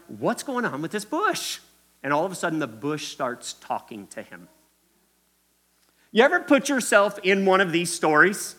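Animated, high-voiced preacher man. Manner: animated preaching, acts out quotes, addresses crowd as guys and y'all. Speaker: pastor. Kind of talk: sermon.

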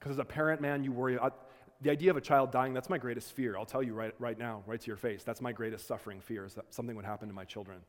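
A man's voice: medium pitch, fairly even intonation, racing. A male lecturer speaks to a class in an earnest, conversational way, often restarting his sentences. His voice sits in a mid range. The sound carries a long reverb from a large lecture hall. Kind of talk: lecture with personal storytelling.

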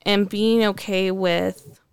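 Thoughtful woman, clear, dry voice. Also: mid-range voice, fairly even intonation, slow pace, no echo. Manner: thoughtful, hedging with frequent ums and likes. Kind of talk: casual conversational chat.

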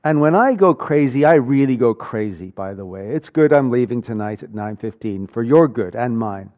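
Animated preacher man, lo-fi recording. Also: medium pitch, normal speed. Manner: animated, swings between loud and hushed. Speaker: pastor. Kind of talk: sermon with personal storytelling.

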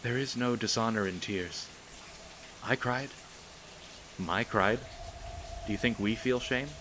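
A man reading aloud and voicing a young princess, a steady older sister who speaks softly and comfortingly. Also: mid-range voice, slow pace, background noise, voice pushed up, lightly acted. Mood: gently comforting. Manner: soft, comforting, coaxing.

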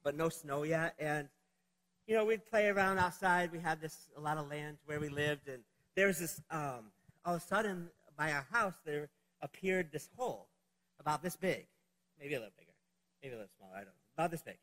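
A man's voice: a little high, animated, brisk, a bit bright, long reverb tail, low-quality recording. A middle-aged man preaching a sermon, opening with a childhood story, in a conversational, rambling way with many fillers. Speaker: pastor.

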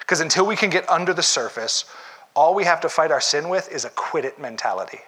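Male pastor, slightly high and bright, conversational sermon delivery with rhetorical questions. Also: expressive, a little fast.

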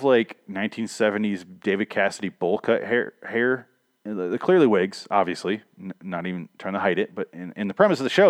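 Young male podcaster, deep-ish voice, dry close sound, sarcastic and profane comic recapper. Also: no room sound. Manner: sarcastic, profane, acts out characters in quick asides. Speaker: podcaster reviewing a TV episode. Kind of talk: casual comedic recap.

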